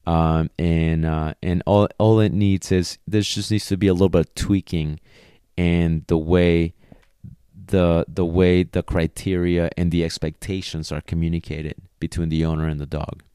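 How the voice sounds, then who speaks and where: A man who trains dogs, talking casually to his video audience as an animated storyteller who swears freely. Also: low voice, moderate pace, clear, resonant tone, no echo, studio quality. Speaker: dog trainer. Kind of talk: casual vlog talk.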